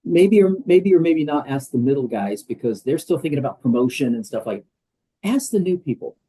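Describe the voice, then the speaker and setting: A man's voice: a little high, animated, a little fast, warm tone, breathy edge, rough recording. An older American man, a guest on a podcast interview, talking in a conversational, emphatic way with many fillers. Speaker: guest, wellness program leader.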